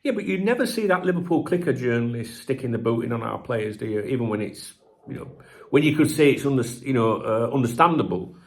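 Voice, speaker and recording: A man's voice: medium pitch, lively intonation, a little fast. Chatty man reading football news. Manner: chatty and digressive, with frequent fillers and rhetorical asides; blunt, occasional swearing. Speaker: football channel host. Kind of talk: reading news aloud with casual commentary.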